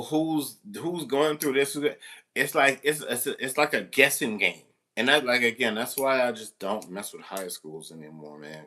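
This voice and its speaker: Rambling man with a bright voice. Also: mid-range voice. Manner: rambling, full of restarts and "you know". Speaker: substitute teacher. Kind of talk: casual storytelling monologue.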